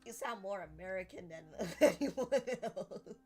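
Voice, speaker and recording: A woman's voice: medium pitch, lively intonation, normal speed, husky, faint music behind. A woman streamer chatting casually and giggling with her chat while playing a game. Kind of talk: casual gameplay commentary.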